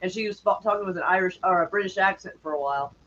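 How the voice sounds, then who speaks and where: A woman's voice: on the low side, rapid-fire, a bit bright, lo-fi sound, slight background noise. A woman hosting a casual chat, rambling and laughing often. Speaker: streamer host.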